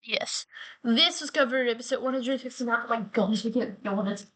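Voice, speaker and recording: A woman's voice: on the high side, brisk, a bit bright. A woman hosting her own daily talk vlog, chatting casually and playfully and rambling from one thing to the next. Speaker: host of a daily talk show. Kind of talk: casual solo vlog chat.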